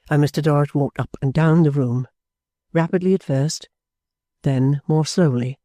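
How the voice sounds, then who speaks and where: This audiobook narrator reads a classic novel at an even, measured pace. The voice is mellow and relaxed, recorded dry and close with no room sound. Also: medium pitch, no room sound.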